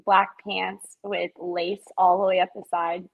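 A woman's voice: lowish voice, level tone, a little slow, vocal fry, phone-quality sound. A woman co-hosting a podcast, chatting casually and chiming in with details. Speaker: podcast co-host.

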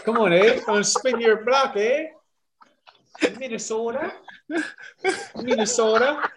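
A man's voice: very high-pitched, sing-song, measured pace, noisy background, pitched above the performer's own voice, exaggerated voice. A man doing a tough gangster saying "eh". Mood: taunting. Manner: tags every line with "eh?".

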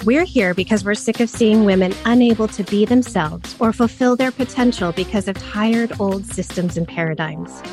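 A woman's voice: medium pitch, moderate pace, few pauses. Woman reading a podcast intro over music. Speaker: podcast co-host. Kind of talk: scripted show intro.

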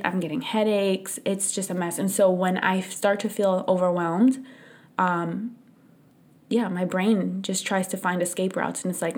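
Woman, young adult, podcast host, casual solo talk, candid storyteller, middle pitch. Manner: candid, animated storytelling, acts out her own thoughts in a higher voice.

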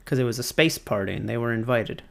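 A man's voice: medium pitch, fast talker, vocal fry, fairly bright tone. A man in casual podcast chat, laid-back and joking.

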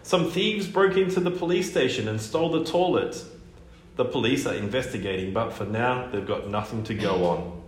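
A man's voice: medium pitch, normal speed, roomy sound, lightly acted. A man voicing a jokey, bossy hyena father in a storybook reading. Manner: upbeat, punchline-telling.

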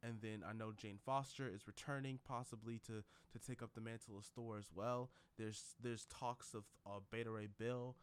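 A man's voice: lowish voice, fairly even intonation, moderate pace, hardly any pauses, clean tone. A man vlogging in a casual, rambling way, with lots of fillers and restarts. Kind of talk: casual commentary vlog.

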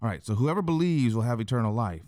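Excitable slangy man unpacking scripture. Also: medium pitch, fast, dry recording, studio quality. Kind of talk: casual Bible commentary.

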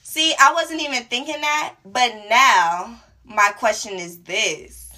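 A woman's voice: fairly high pitch, takes it slowly. A young woman hosting a radio talk show, telling a story casually and acting out each person's lines. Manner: animated, acts out dialogue in different voices.

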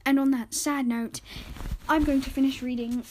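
Casting: podcast storyteller, high voice, chatty and informal, reads a novel aloud. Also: female voice, fairly even intonation, moderate pace, a little mellow, a little hiss or hum. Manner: chatty, self-correcting, informal. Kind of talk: storybook reading.

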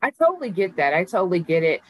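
Relaxed woman host, dry sound. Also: fairly low pitch, fast talker, no room sound, poor audio. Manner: affirming, relaxed, asks rambling questions. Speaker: podcast host, interviewer. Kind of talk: casual conversational interview.

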